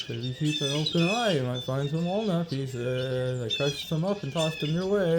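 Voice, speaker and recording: A man feeding squirrels and birds outdoors, cooing softly at them and drifting into a rambling political monologue. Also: on the high side, lively intonation, moderate pace, hardly any pauses, heavy background noise. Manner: coos softly to animals, then rants about politics. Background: birdsong and outdoor ambience.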